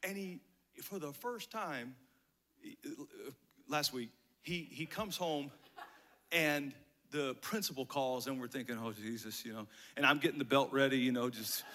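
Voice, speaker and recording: Rambling, animated storytelling dad. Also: male voice, mid-range voice, measured pace, slight background noise. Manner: rambling, animated, emotional storyteller with many restarts. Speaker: father telling a story. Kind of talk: storytelling comedy set.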